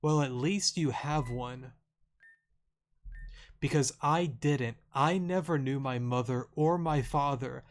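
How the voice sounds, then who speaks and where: A man reading the lines of a kind, grieving mother from a video game in a slow, plain voice. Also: medium pitch. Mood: sorrowful. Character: kind grieving mother, adult woman, gentle and earnest.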